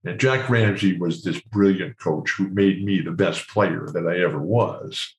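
An older man telling a story as an interview guest, animated and acting out the people in it. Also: low voice, a little slow. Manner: animated, acts out the people in his stories. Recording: roomy echo.

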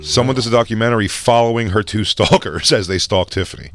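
A man's voice: lowish voice, quick pace. A man co-hosting a casual podcast and cracking teasing jokes. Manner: wisecracking, teasing.

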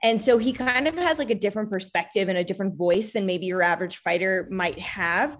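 Woman, 30s, interview guest; chatty, filler-heavy, medium pitch. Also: brisk. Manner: chatty, many fillers, acts out quoted lines. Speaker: guest, wife of a retired fighter. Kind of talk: casual interview talk.

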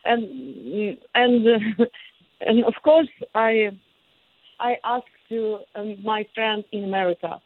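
A woman with a Ukrainian accent, a guest on a remote interview, speaking with passion, halting with many fillers and restarts. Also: on the high side, no echo. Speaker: guest, singer and former lawmaker. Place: in Kyiv, remote. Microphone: phone line. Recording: tinny dry phone line.

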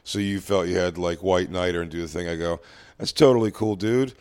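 A man's voice: low-pitched, fairly quick, clean tone. A man, a stand-up comedian, chatting casually and animatedly acting out exchanges with a heckler. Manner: animated, acts out crowd exchanges. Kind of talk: casual chat, storytelling.

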